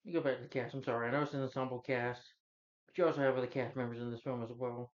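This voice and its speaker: A man rambling through a casual movie review, often restarting his sentences and slipping into quoted lines. His voice sits at an ordinary middle pitch, and the recording sounds dull and lo-fi. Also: flat delivery, very fast.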